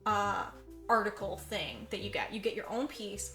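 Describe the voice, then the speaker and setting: With a mid-range voice and measured pace, a female podcast co-host animatedly retells a movie's plot, performing the characters' lines and peppering in "like." The sound is roomy, with faint music in the background.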